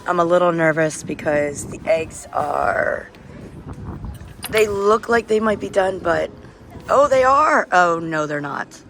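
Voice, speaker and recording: A woman's voice: fairly low pitch, a little slow, vocal fry. Chatty woman vlogging on the go. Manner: chatty, enthusiastic food commentary. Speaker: travel vlogger. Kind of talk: casual vlog narration to camera. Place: outdoors and in cafes, on the move. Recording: background noise from street and traffic.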